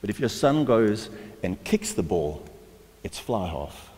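Deep-voiced male pastor preaching in a hall. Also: very animated, unhurried, background noise. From South Africa. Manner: emphatic, exhorting, with repeated restarts. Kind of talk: sermon. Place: church hall. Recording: long hall reverb.

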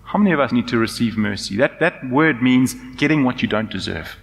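A man preaching in a church, his voice carried by a long hall reverb. He swings between raised, urgent emphasis and hushed, tender moments, in a middle-pitched tone. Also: lively intonation, fairly quick, creaky, a little hiss or hum. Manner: passionate, rising to loud emphasis and dropping to soft intimacy. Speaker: pastor. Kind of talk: sermon.

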